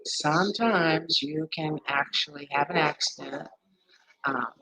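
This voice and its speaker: A livestream host in her forties or fifties chats casually, candid and blunt, swearing freely and talking straight to her viewers while acting out friends in high, exaggerated voices. Her tone is bright and forceful at a moderate pace, and the recording is rough.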